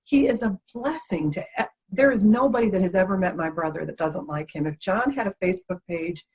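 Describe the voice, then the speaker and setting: A woman, an interview guest, telling stories in a lively, expressive way. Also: medium pitch, a little fast, husky. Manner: animated, lively storyteller. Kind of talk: expressive storytelling. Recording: dull lo-fi sound.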